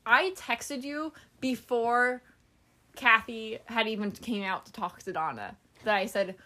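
A woman's voice: a little high, measured pace. A woman podcast host casually telling a story, acting out the people she quotes and swearing offhandedly. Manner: animated, acts out quoted people.

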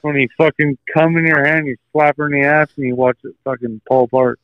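A man's voice: on the high side, steady tone, fast. A man calling in with brash, crude, mocking banter. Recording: muffled, dry lo-fi line.

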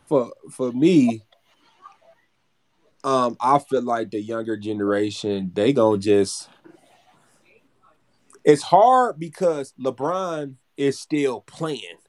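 A man's voice: medium pitch, lively intonation, slow, pauses often. A man in his twenties chatting casually as a podcast co-host, rambling, repeating words and swearing freely. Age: 20s. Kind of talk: casual chat.

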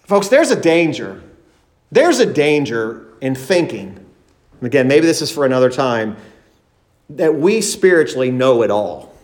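A man's voice: mid-range voice, very animated, unhurried, a little mellow. A man preaching a sermon as pastor, emphatic, acting out the disciples' words in a raised voice.

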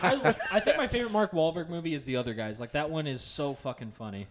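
A man co-hosting a comedy podcast, talking in excitable, profane casual banter. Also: fairly high pitch, fast talker, over a noisy crowd.

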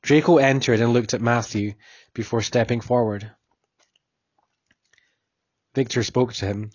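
A man narrating a story with a husky, mid-pitched voice. He reads steadily, close and dry, on a slightly dull recording. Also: moderate pace, long pauses, a little mellow, no room sound. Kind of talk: storybook reading.

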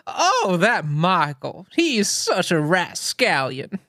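A woman's voice: on the low side, huge pitch swings, slow, a bit bright, no echo, clean studio sound, heavily acted. A woman voicing a chatty older Southern mother who works as a librarian, with a put-on Southern drawl and genteel, gossipy manner. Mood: fond gossip. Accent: American Southern drawl, put on.

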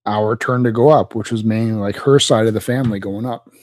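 Male co-host, average pitch, offhand deadpan delivery, dry mic. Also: fairly quick, no room sound. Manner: laid-back, deadpan, offhand. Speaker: podcast co-host. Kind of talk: casual podcast chat.

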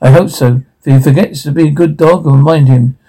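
A man's voice: fairly high pitch, fairly even intonation, a little fast, dark tone, husky. A man reading the part of a witty, sardonic nobleman aloud from a script, dry and mocking. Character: witty sardonic dwarf nobleman, adult male. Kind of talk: amateur read-through of a script.

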